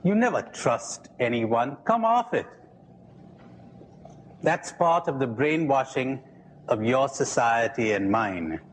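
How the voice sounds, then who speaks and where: A man giving a reflective talk, prodding his listeners with challenging rhetorical questions at a slow, deliberate pace. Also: mid-range voice, expressive, a little hiss or hum, poor audio. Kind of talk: reflective lecture with jokes.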